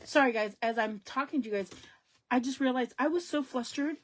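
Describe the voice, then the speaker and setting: A woman hosts a casual crafting livestream, speaking directly to her viewers in a high-pitched, fairly quick voice. She alternates between sudden loud exclamations and hushed asides.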